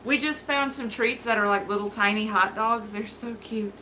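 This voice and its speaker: A woman's voice: fairly high pitch, normal speed, bright, forceful tone, slight background noise, low-quality recording. A woman hosting a casual home livestream, chatting and giggling as she reads viewer comments and talks to her dog. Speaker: livestream beauty host.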